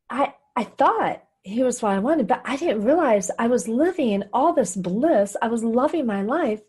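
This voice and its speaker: A middle-aged woman hosts a radio show and recounts her own life in a candid, confessional monologue, laughing often. Her voice leans high, with a darkish, slightly rough tone.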